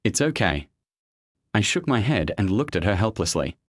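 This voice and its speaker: A man narrating a web comic recap in a steady first-person storytelling manner. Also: fairly low pitch, fairly quick, dry recording, studio quality.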